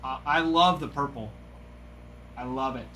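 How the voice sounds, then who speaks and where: Gushing, bright-voiced man opening cards. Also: mid-range voice, a little slow, a little hiss or hum. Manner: excited, gushing exclamations over each card. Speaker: trading card break host. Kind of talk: live card-opening commentary.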